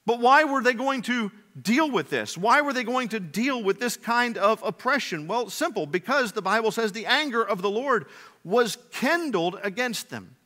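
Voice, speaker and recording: Male preacher, high and bright, dramatic sermon delivery full of rhetorical questions. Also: animated, moderate pace, in a large hall. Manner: dramatic preaching, swings between loud emphasis and hushed low delivery. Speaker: pastor. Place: church sanctuary.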